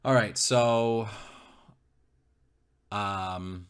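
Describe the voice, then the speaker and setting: Deep-voiced man, insistent and repetitive. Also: fairly even intonation, very slow, clear, resonant tone. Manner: repetitive, keeps checking in with "okay?"; emphatic, heavy swearing. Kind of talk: personal account to an interviewer.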